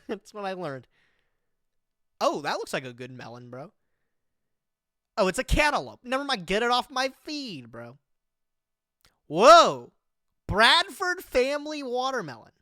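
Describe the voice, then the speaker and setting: Slow-ish and given to long pauses, this medium-pitched streamer in their twenties chats casually and animatedly live. Slang and "bro" come up constantly while they read web text aloud with comments, all in clean studio sound with no echo.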